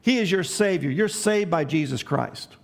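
A man's voice: on the high side, animated, moderate pace, vocal fry. A man preaching a sermon as pastor, asking the congregation questions and letting them answer, with emphatic, varied delivery.

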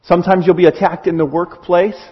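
A man preaching a sermon in an animated way, acting out little scenes as he explains. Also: high-pitched, a little fast, slightly rough, lo-fi sound.

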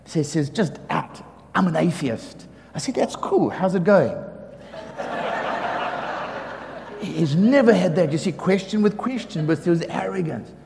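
A man preaches in a high, expressive voice, acting out his stories and breaking into laughter. His voice rings through a reverberant hall, with faint ambient noise behind it. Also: moderate pace, creaky. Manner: animated storyteller, acts out quotes, laughs often. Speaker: pastor. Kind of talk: sermon storytelling.

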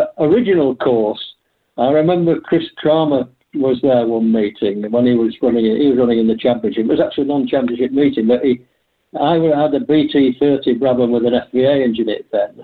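A man's voice: medium pitch, brisk. Older man, interview guest, chatty anecdotes, laughs often, phone-line sound. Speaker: guest, veteran hill climb driver. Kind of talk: conversational interview.

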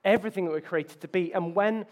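A man's voice: high voice, fast. A man preaching a sermon, telling self-mocking stories with playful asides. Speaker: pastor.

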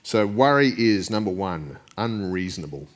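A man's voice: on the low side, animated, normal speed. A male pastor preaching a sermon in a casual, joking way, often chuckling.

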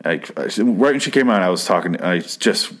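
A man's voice: low-pitched, lively intonation, brisk. A man casually telling a long personal anecdote, rambling off on tangents and swearing freely. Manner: rambling, profane, digressive. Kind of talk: casual storytelling.

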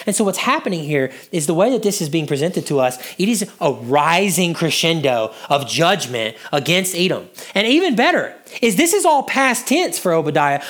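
Animated preacher man teaching scripture. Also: fairly high pitch. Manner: teaching, asks the congregation questions; drops to a hushed voice to draw listeners in. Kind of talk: expository sermon.

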